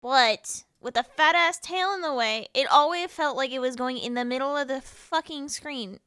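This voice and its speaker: Young woman streamer from the US, high and bright, chaotic and teasing with chat, dry close sound. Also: moderate pace, no room sound. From United States. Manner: chaotic, playful, laughs often, teases chat. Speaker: VTuber streamer. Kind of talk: casual live-stream chat with viewers.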